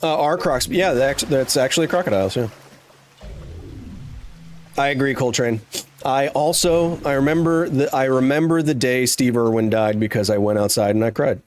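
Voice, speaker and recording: A man's voice: mid-range voice, normal speed, slight background noise. A man in his thirties giving chatty, rambling live commentary while playing a game, with jokey asides to chat. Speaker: streamer.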